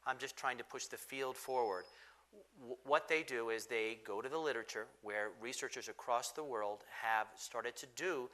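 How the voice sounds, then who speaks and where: A man speaking as a physician on a discussion panel, explaining emphatically and moving quickly from point to point. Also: mid-range voice, bright, forceful tone.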